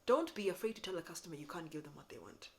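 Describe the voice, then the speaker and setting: A young woman giving business advice to camera, animated and sassy, acting out customers in quick voices. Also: fairly low pitch, vocal fry. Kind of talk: casual advice talk to camera.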